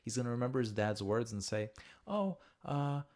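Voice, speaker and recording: A man's voice: fairly low pitch, little pitch movement, fast, a little mellow. A man hosting a podcast, chatting casually and profanely, acting out quoted voices as he talks. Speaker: podcast host.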